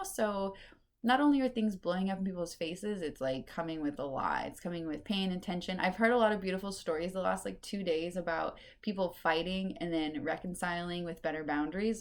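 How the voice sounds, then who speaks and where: Chatty woman with a lowish voice. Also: a little fast. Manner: chatty and meandering, with many fillers. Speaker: podcast host and intuitive reader. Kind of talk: casual solo podcast talk on spirituality.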